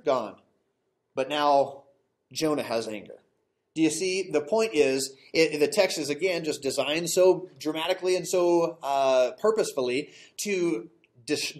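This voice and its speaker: A man with a slightly high voice teaches a verse-by-verse sermon. He walks his congregation through the text patiently, asking rhetorical questions and correcting his own slips as he goes. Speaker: pastor. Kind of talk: expository sermon. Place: church sanctuary.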